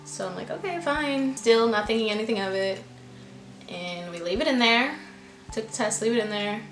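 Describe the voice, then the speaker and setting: A woman's voice: mid-range voice, moderate pace, a bit bright. A young woman tells a personal story to the camera in a loose, chatty way, packing in fillers and acting out her own past lines. Her voice sits mid-range for a woman and rings in a roomy, echoey space, with faint music under it. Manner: chatty, filler-heavy, quotes herself with "I'm like". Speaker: vlogger.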